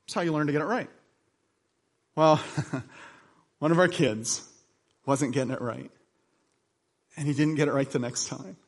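Male pastor preaching, slightly high-pitched, drops soft then builds to emphatic peaks, casual anecdotes. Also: measured pace, pauses often. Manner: dynamic delivery, swinging between soft lows and emphatic highs; conversational storytelling with asides. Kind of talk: sermon.

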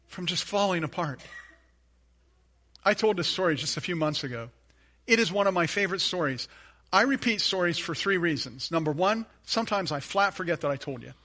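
A male pastor preaching a sermon, telling a personal story earnestly, repeating phrases for emphasis and dropping to a hushed tone on key points. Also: high voice.

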